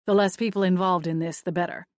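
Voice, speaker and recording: A woman's voice: lowish voice, steady tone, fast, no echo, close to an everyday voice. A cold, impatient young man snaps out clipped, dismissive lines, as a woman narrator reads him. The voice stays near her own, in a dry, close recording.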